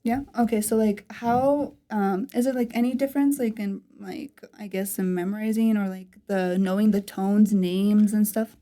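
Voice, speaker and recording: A young woman with a raspy voice hosting a casual podcast chat, laughing often and swearing freely. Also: medium pitch, steady tone, normal speed, few pauses, warm tone. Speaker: podcast host.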